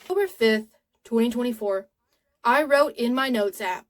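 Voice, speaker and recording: A woman's voice: on the high side, normal speed. Chatty young woman vlogging. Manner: rambling, chatty, full of "like"; earnest and openly emotional. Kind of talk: casual talking-to-camera vlog.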